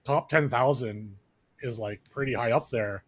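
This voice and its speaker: Speaking a little slowly in a medium-pitched voice, a man co-hosts a podcast. It's casual, rambling chat, heavy on fillers and restarts.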